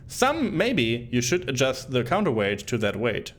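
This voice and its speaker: A man's voice: medium pitch, wildly swooping pitch, a little slow. A man streaming a retro game, reading the on-screen text aloud and cracking joking asides in casual commentary.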